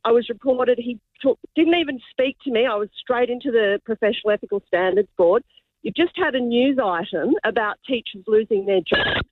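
A woman's voice: on the high side, moderate pace. An older woman with an Australian accent, a casual teacher calling in to a radio show, indignant and emphatic. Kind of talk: talkback call. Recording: tinny phone line.

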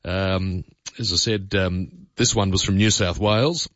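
An Australian man hosts talkback radio in a rambling, opinionated chat full of fillers. His voice sits on the low side and sounds dry and close. The broadcast audio is dull and lo-fi. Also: steady tone, measured pace, fairly bright tone, dry recording.

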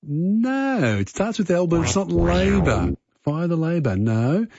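A man's voice: on the high side, very animated, a little slow, a little mellow, breathy edge, no room sound, lo-fi sound. A middle-aged Australian man hosting a casual radio quiz, chatty and full of uh fillers. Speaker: radio host.

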